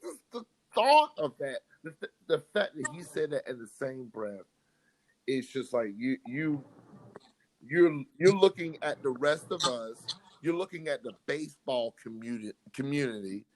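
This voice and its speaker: A man's voice: mid-range voice, very animated, normal speed, slight background noise, rough recording. A man co-hosting a sports podcast, ranting in exasperation and tripping over repeated words. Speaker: podcast co-host. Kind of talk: heated casual sports chat.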